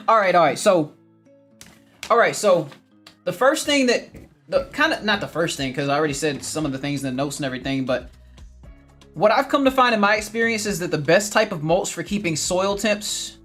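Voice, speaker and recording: A man's voice: high voice, a bit bright. A man hosting a gardening livestream, reading viewer comments in a casual chat, laughing often and repeating his phrases.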